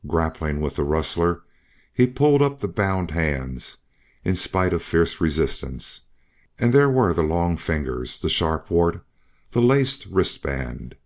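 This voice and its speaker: A man's voice: low voice, big pitch swings, takes it slowly. A man narrating a western novel as an audiobook reader. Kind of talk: scripted narration.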